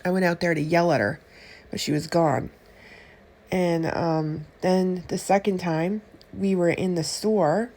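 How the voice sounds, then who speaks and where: A woman vlogging, telling a personal story to her viewers in an indignant, animated way with quick asides. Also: on the low side. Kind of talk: casual storytelling to camera.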